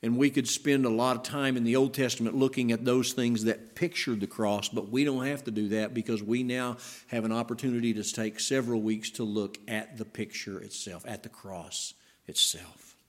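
A male pastor delivering a sermon with an even, mid-pitched voice. He leans hard into his emphatic lines and then drops to slow, hushed phrases to stress key words. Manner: emphatic, dynamic delivery with rising and hushed passages.

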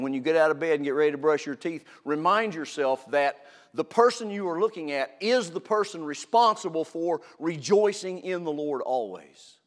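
A man preaching with a fairly high voice, leaning hard on key words and repeating them for weight. His voice rings out with a long, lingering reverb, as if carried through a large church sanctuary. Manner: earnest, emphatic, repeats phrases for stress. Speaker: pastor. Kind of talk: sermon.

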